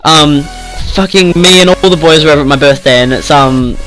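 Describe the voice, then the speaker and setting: Teen boy, bright, slightly high voice, rambling and swearing, faint music underneath. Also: a little fast, rough recording. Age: teens. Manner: rambling, swears freely, lots of "like". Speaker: vlogger. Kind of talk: casual storytime rant.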